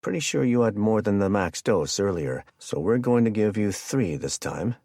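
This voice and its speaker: A man's voice: on the low side, expressive, normal speed, dark tone, no room sound, studio quality. A man playing a jovial, sadistic male hitman who chats and jokes while he menaces his captive. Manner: chatty, joking, casually menacing.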